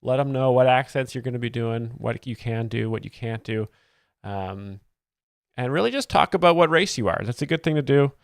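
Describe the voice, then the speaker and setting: A man hosting a satirical commentary video, talking in a deadpan, mock-earnest way with many fillers. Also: medium pitch, normal speed, vocal fry, dry recording, studio quality. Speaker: comedy video host.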